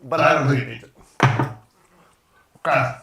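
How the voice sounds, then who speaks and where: A man's voice: medium pitch, steady tone, normal speed, recorded from a distance, crowd noise. Rambling man in an echoey kitchen. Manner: enthusiastic, rambling, trailing off mid-sentence. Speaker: cooking show co-host. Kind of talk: casual livestream chat while eating.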